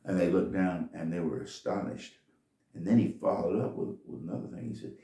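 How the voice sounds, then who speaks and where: A man's voice: low voice, steady tone, brisk, mellow, echoey room, recorded from a distance. A man telling a folksy, rambling story in a casual monologue.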